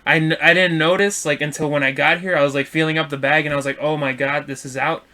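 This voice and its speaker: A young man co-hosting a podcast, telling a story in a loose, animated way, swearing and acting out what people said. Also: fairly high pitch, quick pace. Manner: animated, swearing, acts out quotes. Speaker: podcast co-host. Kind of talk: casual storytelling chat.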